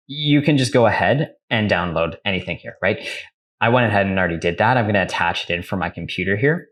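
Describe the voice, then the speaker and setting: A young man with a deep, low-pitched voice hosts a casual screen-share tutorial. He talks in a loose, chatty way and corrects himself as he goes. When he types prompts, he reads them aloud slowly. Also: fairly bright tone. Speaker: tech tutorial host.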